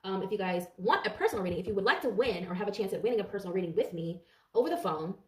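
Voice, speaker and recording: A woman giving a casual tarot reading to her viewers, talking fast with plenty of swearing. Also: medium pitch, roomy sound, far from the mic. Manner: fast, profane, animated and talkative. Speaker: tarot reader.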